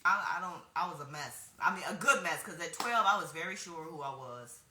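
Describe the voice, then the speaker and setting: Presenter: woman in her forties, casual, frank storyteller, bright lowish voice, echoey room. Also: lively intonation, brisk, slight background noise. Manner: frank, chatty storytelling with slang. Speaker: wellness workshop presenter. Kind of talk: casual spoken workshop talk.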